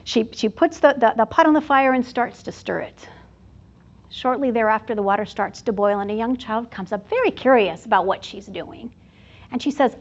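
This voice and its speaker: A woman presenter at a university event, telling a fable in an expressive storytelling manner. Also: fairly high pitch, a little fast. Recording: dull lo-fi sound.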